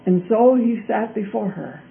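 A man telling a fairy tale in a deliberate way, with a lot of repetition. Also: high-pitched, animated, creaky, a little hiss or hum. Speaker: storyteller. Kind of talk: told fairy-tale narration. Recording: tinny phone-like recording.

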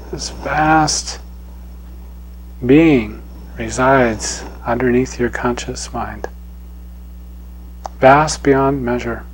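A man giving a spiritual talk as a teacher, telling a parable in an unhurried, gently chuckling way. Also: medium pitch, fairly even intonation, a little hiss or hum, low-quality recording.

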